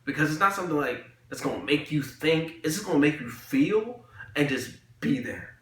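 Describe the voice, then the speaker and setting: A man's voice: fairly high pitch, expressive, normal speed, fairly bright tone. A young man reviewing an anime in casual chat, rambling with lots of slang and fillers. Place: room, recording a video. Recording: echoey room.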